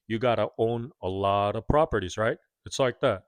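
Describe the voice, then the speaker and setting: A man's voice: fairly low pitch, moderate pace, clean tone, no room sound. A man in his thirties giving a candid, self-critical, earnest confessional monologue to his viewers. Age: 30s. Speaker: vlogger.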